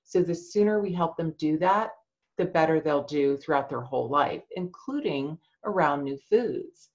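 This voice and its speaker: A woman with a somewhat low voice, a speech therapist guesting on a podcast, talks parents through advice in an expressive, warm, explanatory way. The sound is dull and lo-fi. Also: normal speed. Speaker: guest feeding expert, speech language pathologist.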